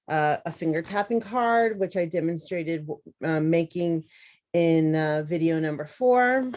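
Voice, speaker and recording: A woman teacher, slowly and carefully sounding out words in an instructional demonstration. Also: lowish voice, darkish tone, a little hiss or hum, poor audio. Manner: slow, deliberate, sounding out words.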